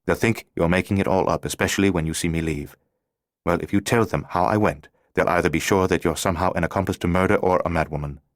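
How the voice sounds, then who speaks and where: A man's voice: low-pitched, quick pace, dry recording, clean studio sound, lightly acted. A man playing an urgent, secretive male stranger in an audiobook, giving terse instructions.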